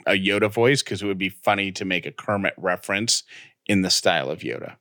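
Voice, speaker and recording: A man's voice: sits low, brisk, bright, forceful tone, no echo, studio quality. A man co-hosting a podcast, chatting casually and teasing his co-host with wisecracks. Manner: teasing, jokey, interrupts with wisecracks. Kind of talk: casual chat.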